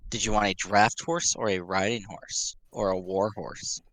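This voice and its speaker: A man's voice: fairly low pitch, steady tone, normal speed, a bit bright. A man running an online tabletop game as game master, laid-back and casually swearing.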